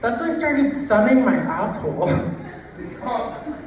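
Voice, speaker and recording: Slow, deadpan woman comic in an echoey club. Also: on the high side, noisy background. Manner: unhurried, deadpan, drawn-out punchlines. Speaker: stand-up comedian. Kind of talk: stand-up comedy set. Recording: echoey room heard from a distance.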